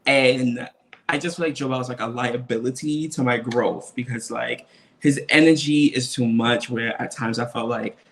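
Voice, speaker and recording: A man talking casually as a guest in a video-call interview, animated and laughing often. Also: medium pitch, moderate pace. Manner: animated, laughs often, quotes others in acted voices. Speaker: interview guest, reality TV cast member.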